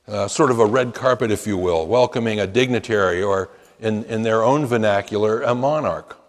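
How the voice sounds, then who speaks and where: Slow-preaching man in a reverberant hall. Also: on the low side. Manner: emphatic preaching with rising chanted quotes. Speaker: pastor. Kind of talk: sermon.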